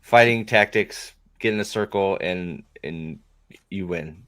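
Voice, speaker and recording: A man hosting a casual reaction video, talking in a halting, rambling way with many restarts and asides. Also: deep voice, fairly bright tone, no room sound.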